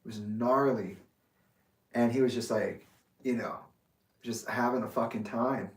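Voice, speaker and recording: A man's voice: medium pitch, steady tone, unhurried. A man casually telling a personal story in a rambling, profane way, laughing often. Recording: echoey room, mic far off.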